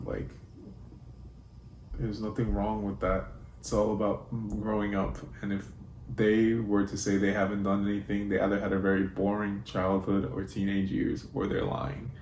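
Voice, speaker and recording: Deep, flat-voiced young New man. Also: moderate pace, creaky, a little hiss or hum. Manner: relaxed, laid-back, frequent fillers. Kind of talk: casual personal storytelling. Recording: roomy with faint ambience.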